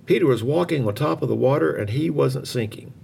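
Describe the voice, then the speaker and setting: A man reading a children's Bible story aloud in an expressive, lively way. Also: medium pitch, brisk, vocal fry, slight background noise.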